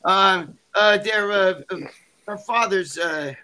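A man's voice: high-pitched, takes it slowly, pushed and bright. A man being interviewed, talking casually and rambling, with lots of swearing and fillers. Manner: rambling, profane, many fillers. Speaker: interview guest. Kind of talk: casual chat.

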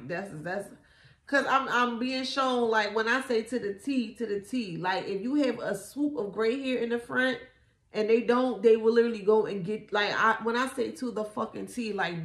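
A woman giving a casual tarot reading, animated and slangy, swearing often and repeating herself. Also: mid-range voice, roomy sound. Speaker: tarot reader.

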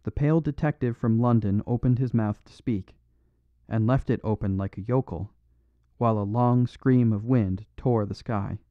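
Low steady guy reading an audiobook, kinda muffled, dry room. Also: normal speed, dry recording. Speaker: audiobook narrator. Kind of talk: scripted audiobook narration. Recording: dull dry studio recording.

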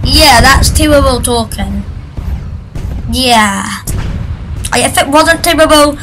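A woman's voice: a little high, fairly bright tone, slight background noise, poor audio. A woman giving casual, jokey commentary while playing a video game, chatting and shrieking at events in the game. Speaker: gaming video creator. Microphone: computer microphone.

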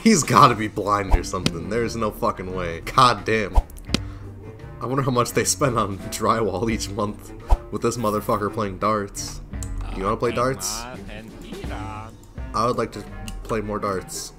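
A man giving casual gameplay commentary, swearing constantly, laughing a lot and breaking into sudden yelled outbursts. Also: lowish voice, unhurried, pauses often. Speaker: gaming video creator. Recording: game music playing under voice.

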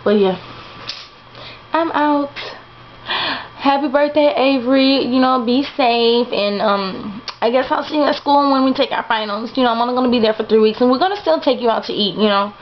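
A woman's voice: fairly high pitch, moderate pace, dull audio. A young woman rambling in a late-night home vlog, tired, slangy and swearing freely, playing up a put-on accent. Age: young adult. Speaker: vlogger.

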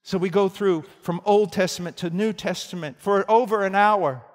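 A man preaching a sermon, telling a story quietly and then rising to loud, fervent shouts. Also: high voice, fairly even intonation, moderate pace. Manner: storytelling, swings from hushed to shouting. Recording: reverberant hall.

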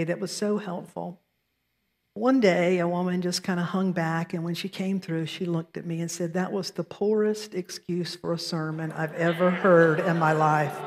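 A woman's voice: medium pitch, darkish tone, big-room sound. A woman minister with a Southern American accent, delivering a sermon with storytelling and self-deprecating asides. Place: church sanctuary.

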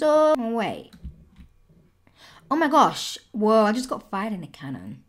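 A gaming YouTuber gives excited let's-play commentary on her own gameplay, exclaiming and squealing at every surprise. Her voice is high and a bit bright, with lively intonation and an unhurried pace.

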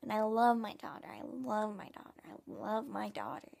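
A woman playing a smug, passive-aggressive 1950s family dad who rambles and restarts his sentences in a husky, half-whispered voice. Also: medium pitch, animated, a little mellow. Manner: rambling, halting, with many restarts. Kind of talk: comic character monologue.

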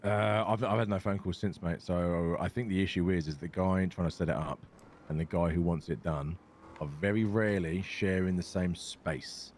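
Man, very low voice, rapid and sweary, faint background noise. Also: fairly even intonation, a little mellow. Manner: swears a lot, says "mate" constantly. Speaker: roleplay player. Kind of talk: casual in-game chat.

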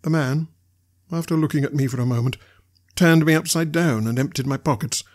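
A man reading a classic novel aloud as an audiobook narrator, with measured storytelling delivery. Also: a little high.

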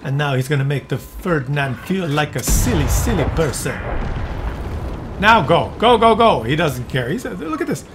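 Excitable man commentating a tank game. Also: a little high, fairly quick, few pauses, over music. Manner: excitable, cheering on players. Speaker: gameplay commentator. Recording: loud game sounds under the voice. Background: tank engines and gunfire from the game.

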